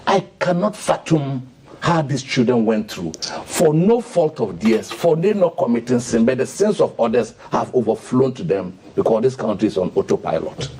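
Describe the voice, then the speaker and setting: A man's voice: medium pitch, expressive, normal speed, dark tone, slightly rough. A man with a Ghanaian English accent, giving indignant, impassioned commentary as a radio panelist and firing off rhetorical questions in a studio. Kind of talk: heated radio talk-show commentary.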